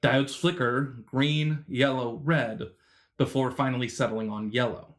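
A man narrating a tabletop game as game master, halting with many fillers and restarts. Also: medium pitch, fairly even intonation.

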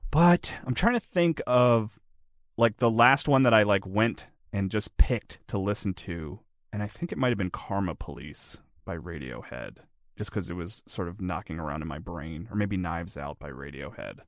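Here the man's low voice is animated and moves at a normal speed, captured cleanly in a studio without echo. As an interview guest he chats casually, rambling on with lots of "like" fillers.

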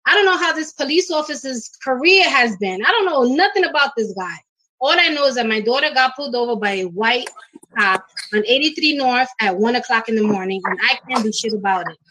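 A middle-aged woman, a guest on a talk show, telling a personal story in an emotional, animated way with acted quotes. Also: fairly high pitch, a little fast, poor audio.

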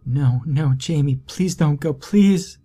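A man's voice: mid-range voice, slow, mellow, breathy edge, pitched above the performer's own voice. A man voicing a terrified young woman who begs frantically in a horror story reading. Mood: frantic, pleading. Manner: frantic, pleading.

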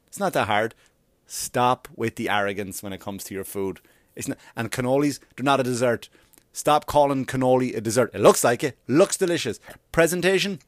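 A man's voice: mid-range voice, dry recording, clean studio sound. A man doing a stand-up comedy routine, ranting in an exasperated, profane way.

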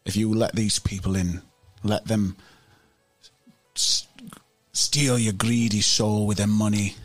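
A man voicing an angry, drunk local who rants loudly in a tabletop game. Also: fairly low pitch, fairly even intonation, takes it slowly, soft background music. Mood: resentful. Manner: belligerent, ranting.

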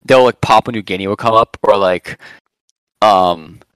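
A man's voice: lowish voice, moderate pace, a bit bright, clear, resonant tone, no echo, low-quality recording. A man from the United States on a podcast, talking animatedly and hedging his points with many fillers. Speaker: podcast co-host. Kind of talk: casual chat.

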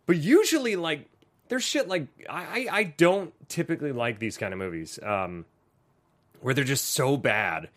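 A man's voice: mid-range voice, moderate pace. A man co-hosting a podcast, chatting casually and joking around, with plenty of fillers. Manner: animated, jokey, lots of fillers. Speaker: podcast co-host. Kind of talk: casual chat.

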